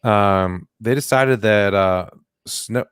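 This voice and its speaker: A man co-hosting a comedy news podcast in casual chat, jokey and goofy with animated bursts. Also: on the low side, takes it slowly, smooth, dry recording, clean studio sound. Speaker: podcast co-host.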